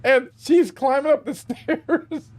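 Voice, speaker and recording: Man, high-pitched, slow talker, gaming streamer, laughing while telling a crude story, swears a lot. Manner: laughing through a rambling anecdote; exclaims often, profane.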